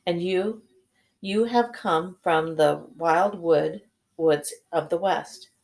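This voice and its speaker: A woman's voice: on the low side, slow pace, gravelly, a little mellow. Woman reading as a polite, fussy male faun. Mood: courteous. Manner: formal and courteous.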